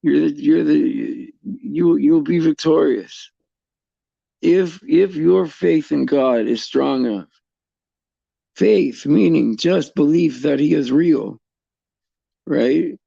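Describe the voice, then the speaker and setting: A middle-aged man hosting a casual faith talk for viewers, halting and repeating words as he restarts his sentences. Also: a little high, creaky, mellow, no echo, dull audio. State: tearful at times. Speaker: host.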